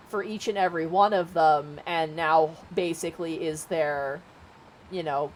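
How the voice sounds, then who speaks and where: A woman's voice: low voice, slight background noise. A woman streamer casually recapping a novel on a livestream, rambling with lots of fillers and casual swearing.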